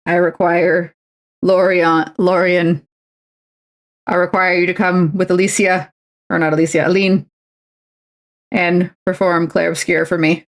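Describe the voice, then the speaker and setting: A woman's voice: fairly low pitch, level tone, moderate pace. A woman, chatting and rambling to herself and her viewers while she crafts on a stream. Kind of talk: casual chat while crafting.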